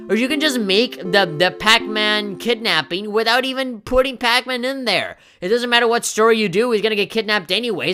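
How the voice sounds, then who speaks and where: A woman's voice: mid-range voice, pushed and bright. A woman hosting a let's play, ranting in exasperated commentary about the story. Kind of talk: game commentary rant.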